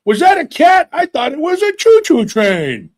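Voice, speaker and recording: A man putting on the voice of a cranky, confused old grandfather who shouts indignantly. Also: very high-pitched, wildly swooping pitch, normal speed, pitched above the performer's own voice, exaggerated voice.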